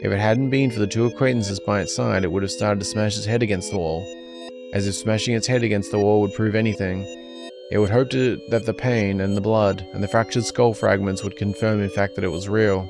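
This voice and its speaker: A man's voice: fairly low pitch, fairly even intonation, a little fast, gravelly. A man playing a horror game on video, reading its story text aloud in a plain narrating manner with casual asides. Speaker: gaming YouTuber. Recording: game music underneath.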